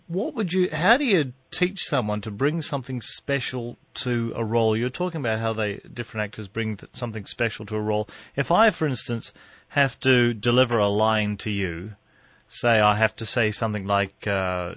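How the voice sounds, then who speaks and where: A man's voice: mid-range voice, normal speed, a bit bright, no room sound. A male radio host interviewing a guest in a chatty, playful way.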